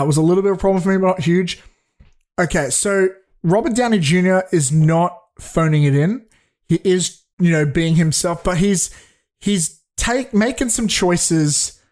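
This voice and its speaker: A young podcast host talks through a film review in loose, casual chat. His voice sits a little high, and he rambles, swears freely and keeps restarting his sentences.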